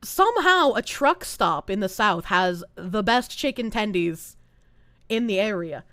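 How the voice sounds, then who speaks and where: A woman's voice: mid-range voice, measured pace, no echo. A young woman from Boston, live-streaming in casual chat and ranting with lots of swearing. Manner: animated, profane ranting.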